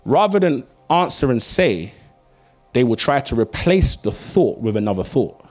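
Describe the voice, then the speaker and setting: A young man delivers a sermon with lively storytelling. His voice swings from loud bursts to quiet, hushed lines as he drives his points home. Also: mid-range voice, measured pace, faint music behind. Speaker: pastor.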